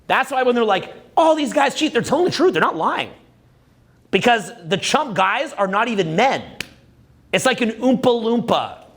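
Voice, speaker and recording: A high-voiced dating coach in his forties gives a live seminar talk from a stage. He's animated, profane and conversational, constantly checking in with "right?".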